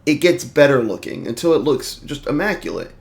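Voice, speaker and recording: A man giving a casual movie review, rambling, excitable and swearing freely. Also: mid-range voice, brisk, vocal fry.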